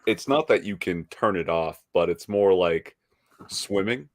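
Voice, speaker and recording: A man with a very low voice co-hosts a casual podcast and stretches out playful comparisons. The sound is dry and close, with almost no room echo. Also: lively intonation, unhurried. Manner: builds long playful metaphors. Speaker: podcast co-host. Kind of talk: casual chat.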